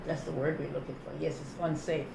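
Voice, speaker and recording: A woman's voice: sits low, level tone, a little fast, gravelly. A woman with a Jamaican accent casually teaching patois words, saying phrases in patois and then giving the plain English word. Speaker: host. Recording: roomy with background noise.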